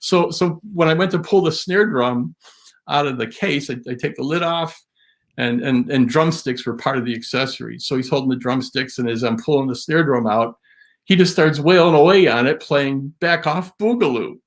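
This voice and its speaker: A man telling a long anecdote in a casual interview, rambling and animated, with many restarts. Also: mid-range voice, moderate pace. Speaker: guest drum historian.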